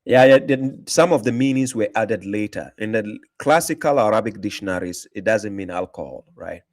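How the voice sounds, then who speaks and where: A man's voice: on the low side, moderate pace. Combative male streamer. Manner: combative, mocking, repeats himself for emphasis. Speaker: livestream host answering comments. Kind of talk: casual livestream talk.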